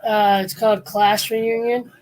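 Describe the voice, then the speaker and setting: A woman's voice: medium pitch, a little slow. Female streamer, chatty, acts out quotes as she tells stories. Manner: animated storyteller acting out quotes. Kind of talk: casual chat.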